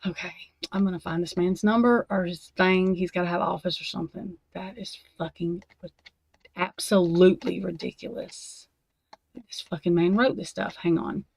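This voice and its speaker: A woman's voice: lowish voice, steady tone, moderate pace, gravelly, darkish tone, no room sound. A woman at her desk at home, ranting angrily and swearing as she reacts to true crime documents. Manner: angry, profane ranting.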